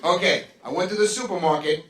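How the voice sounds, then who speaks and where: A man doing a stand-up comedy set on a club stage, animated and acting out other people's voices. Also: sits high, fast. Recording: echoey club recorded from a distance. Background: audience laughing.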